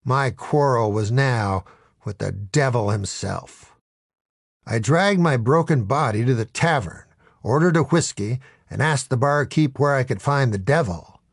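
Gravelly man narrating a deadpan comic tale. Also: medium pitch, unhurried, no echo, clean studio sound. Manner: deadpan, mock-dramatic delivery. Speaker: storyteller. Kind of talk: comic first-person storytelling narration.

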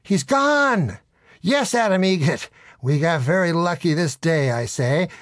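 Deadpan man reading his memoir. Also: fairly high pitch, no echo, studio quality. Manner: deadpan, wry storytelling. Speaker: audiobook narrator. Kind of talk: audiobook memoir narration.

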